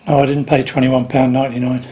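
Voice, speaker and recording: A man's voice: mid-range voice, flat delivery, quick pace, warm tone, a little hiss or hum. A man talking casually and unhurriedly to camera about his record collection, with dry little asides.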